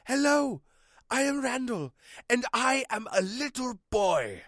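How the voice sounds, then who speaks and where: A man's voice: very high-pitched, a little slow, pushed and bright, dry recording, clean studio sound, voice pushed up, heavily acted. A man voicing a grand old male space wizard in a robe, in a comic homemade story.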